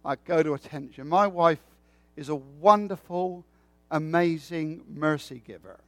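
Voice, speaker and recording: A man's voice: on the high side, a little slow, fairly bright tone, no room sound. A man preaching a sermon with a folksy, joking way of telling stories.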